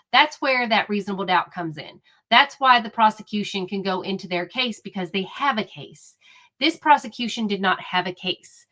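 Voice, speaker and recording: A woman's voice: a little high, fairly bright tone. A woman giving casual true crime commentary, talking in an indignant, chatty way with many fillers and restarts.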